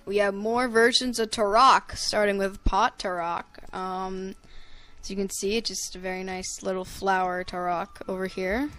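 A woman's voice: medium pitch, fairly bright tone. Giggly woman rambling about a game. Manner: rambling, giggly, lots of fillers. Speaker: gaming video host. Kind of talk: casual game commentary.

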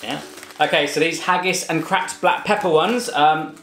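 With a slightly high voice at a moderate pace, a cooking channel host tastes food alongside his daughter, keeping things casual, chatty, and full of jokes. The audio has a roomy echo and faint music.

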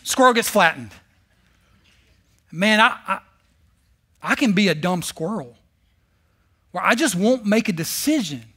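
A pastor delivers his sermon in a strikingly high voice with a bright, forceful edge. He tells the story in an animated way, laced with sarcastic humor, as he speaks to a church congregation. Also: a little slow, long pauses, breathy edge. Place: church service.

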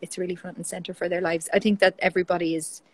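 A woman's voice: fairly low pitch, little pitch movement, quick pace, slight background noise, rough recording. Chatty Irish woman telling a story. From Ireland. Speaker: guest. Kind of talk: casual conversational interview.

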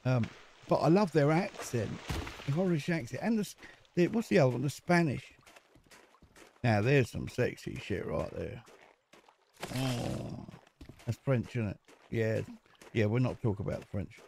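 A man's voice: medium pitch, expressive, unhurried, creaky, long pauses, a little mellow, a little hiss or hum. A man chatting casually to himself as he plays a video game, joking and muttering along the way. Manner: chatty, jokey, talks to himself while playing. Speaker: gaming video host. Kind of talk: casual let's-play commentary.

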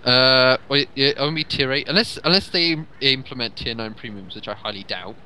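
Excitable joking male co-host, bright tone. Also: mid-range voice, fairly quick, smooth. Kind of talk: casual gameplay commentary.

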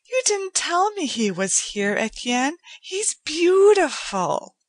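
A woman's voice: sits high, big pitch swings, a little slow, a bit bright, dry recording, pitched above the performer's own voice, exaggerated voice. A woman voicing an eager, affectionate young woman guest who gushes and coos in baby talk, in an audiobook reading. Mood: delighted cooing. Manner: gushing, cooing baby talk to a cat. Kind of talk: audiobook character voice.

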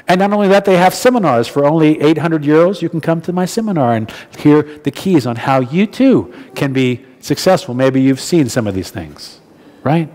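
A man from New Jersey delivers a sermon in a slightly high voice. He tells his story in a conversational, unpolished way, often restarting his sentences. The sound carries the long reverb of a church hall. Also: expressive, normal speed, a little mellow. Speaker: preacher.

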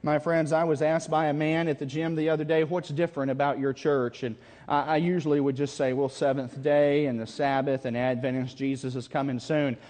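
Man, preacher, high voice, dramatic, calls questions to the crowd, camp meeting sermon, long hall reverb. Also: little pitch movement, fairly quick, few pauses, a little mellow.

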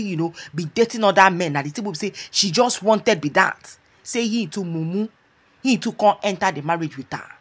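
A woman with a Nigerian Pidgin accent runs a gossip channel. She tells the story in an animated, conversational way and keeps turning to her audience. Her voice sits at an ordinary middle pitch for a woman. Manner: animated storytelling, repeats "my people". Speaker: gossip blogger. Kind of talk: casual gossip commentary.

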